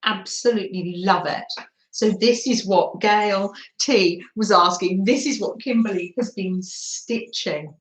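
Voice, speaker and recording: An English woman chats through a crafting livestream, gushing over everything and laughing softly. She talks slowly at a middle pitch. Her voice rings in an echoey room. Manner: chatty, gushing with frequent little laughs. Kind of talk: live-stream crafting chat.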